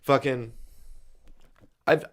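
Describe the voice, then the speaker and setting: A man on a podcast as a guest, telling a long personal story in a casual, rambling way with plenty of swearing. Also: drawn-out words. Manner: rambling, profane, frank about his anxiety.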